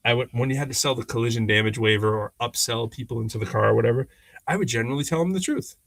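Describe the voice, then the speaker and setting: A man in easy conversation on a podcast, his voice dry and close to the mic with no room sound. He rambles through his stories with restarts and fillers and slips into lively impressions of the people he quotes. His pitch sits in a plain middle range. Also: racing, creaky, no room sound. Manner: animated, acts out quoted people in changing voices. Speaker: podcast co-host. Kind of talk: casual conversational storytelling.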